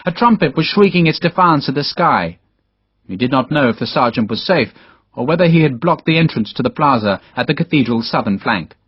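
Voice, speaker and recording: Guy reading an audiobook, husky, lively up and down, dull dry sound. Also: medium pitch, brisk, no echo. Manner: dramatic storytelling, voices all characters. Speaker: audiobook narrator. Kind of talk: scripted narration.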